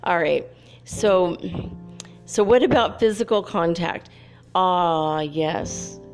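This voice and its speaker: A woman's voice: fairly low pitch, slow pace, a little mellow, faint music behind. Giggly woman relaying spirit messages. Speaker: spiritual channeler. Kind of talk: casual spiritual channeling talk.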